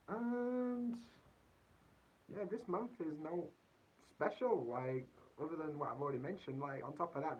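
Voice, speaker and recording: Through a dull, muffled cheap mic, a young vlogger based in Japan talks casually on his livestream. He's from Yorkshire, England, with an English accent, and his relaxed, meandering talk is packed with fillers such as "so yeah."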